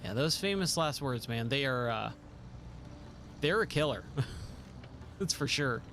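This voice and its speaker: A man's voice: mid-range voice, lively intonation, a little slow, fairly bright tone, a little hiss or hum. A man streaming a driving game live, talking through his moves with a self-mocking, exasperated commentary and pleading with the game.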